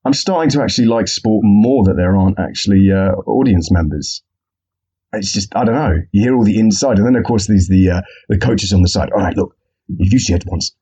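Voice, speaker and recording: Husky, jokey male podcast host. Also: lowish voice, a little fast, warm tone, highs cut off. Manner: jokey, rambling, swears freely. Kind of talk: casual solo podcast chat.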